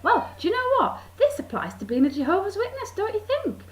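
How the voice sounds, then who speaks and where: A woman's voice: extremely high pitch, big pitch swings, fast. A woman vlogging, sarcastically reading from a leaflet and commenting on it. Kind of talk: casual vlog commentary.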